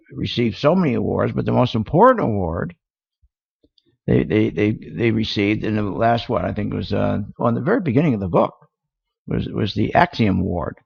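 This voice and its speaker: A man's voice: medium pitch, vocal fry, slightly rough, dry recording. A man hosting a radio talk show, ranting indignantly with rhetorical questions, heard through a dull lo-fi radio sound. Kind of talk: opinionated radio talk on markets.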